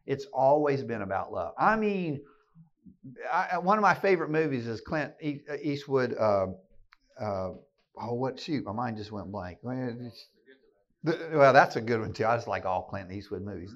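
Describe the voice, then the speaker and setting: A man preaching a keynote to a room of men, emphatic and folksy, circling back to repeat his phrases. His voice sits at an ordinary middle pitch. The recording is a little dull and lo-fi. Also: expressive, normal speed. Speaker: speaker at a men's gathering. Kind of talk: sermon-style keynote. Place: live talk to an audience.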